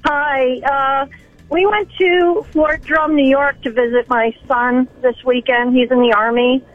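A woman's voice: high voice, steady tone, unhurried, no room sound, faint music behind. A middle-aged woman calling in to a radio show, telling a chatty, self-mocking story about her kids over the phone. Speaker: caller. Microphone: telephone. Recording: tinny phone line.

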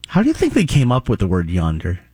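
A man from Florida co-hosting a morning radio show, joking and tossing in quick quips. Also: lowish voice, wildly swooping pitch, dark tone, husky, no echo, clean studio sound. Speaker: radio co-host. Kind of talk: casual morning radio chat. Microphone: studio microphone.

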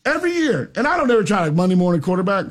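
This man has a husky, high-set voice that swings widely in pitch. He hosts a talk show and tells stories loudly, with lots of excitable energy. His delivery is casual and animated. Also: rapid-fire. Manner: loud, excitable. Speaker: radio show host. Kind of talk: casual chat, animated storytelling.

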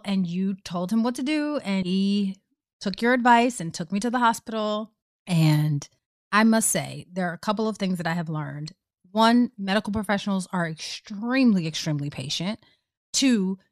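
A woman's voice: lowish voice, no echo, studio quality. A woman co-hosting a podcast, telling a personal story in an earnest, emphatic way. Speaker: podcast co-host. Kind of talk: casual podcast chat.

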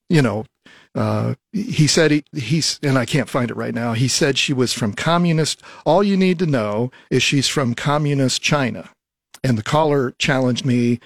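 Radio host, man, gravelly low voice, halting and full of "uh"s, dry studio sound. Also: no echo. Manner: halting, many fillers and restarts. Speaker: radio talk show host. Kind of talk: casual radio talk. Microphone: studio microphone.

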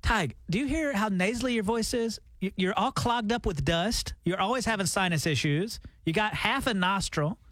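A man co-hosting morning radio, teasing his partner in an exasperated, quick-retort way. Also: sits high, a bit bright, no room sound. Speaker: radio co-host.

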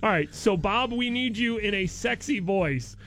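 A man hosting a radio morning show, joking excitably and reading out listener tweets. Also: high-pitched, a little slow. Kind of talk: casual radio banter.

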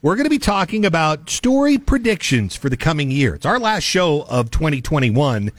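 A man's voice: fairly high pitch, moderate pace, dry recording. A man co-hosting a local talk radio show, chatting casually and running through sports predictions. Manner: upbeat, animated sports talk.

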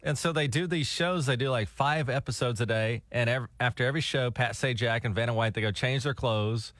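A man's voice: medium pitch, brisk, fairly bright tone, no echo. A male radio host with a mid-range voice, trading easygoing morning-show banter. His voice is recorded close and dry on a studio mic, with no room sound. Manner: easygoing, chatty, wry asides. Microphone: studio microphone.

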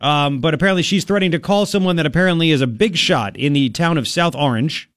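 A man hosting political commentary, sarcastic and mocking as he pauses and remarks on clips. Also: a little high, fairly bright tone, no room sound, clean studio sound. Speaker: host.

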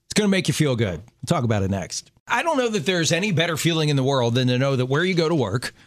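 A man's voice: a little high, big pitch swings, fast. A man co-hosting a chat show, upbeat and encouraging as he talks. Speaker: co-host. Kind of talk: casual chat.

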